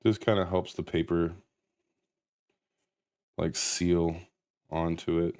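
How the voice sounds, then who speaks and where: A man casually chatting on a live stream while reviewing a grinder, loose and rambling, sounding high and a little out of breath. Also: level tone, takes it slowly, darkish tone. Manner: laid-back, rambling, loose.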